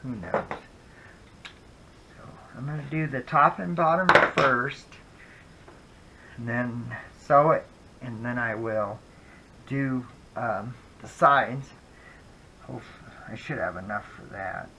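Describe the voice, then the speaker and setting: A man's voice: mid-range voice, slow pace, long pauses, sharp tone, dull audio, a little hiss or hum. Chatty man hosting a home craft video. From Colorado. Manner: chatty, rambling asides while working. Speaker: craft channel host. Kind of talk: casual crafting tutorial.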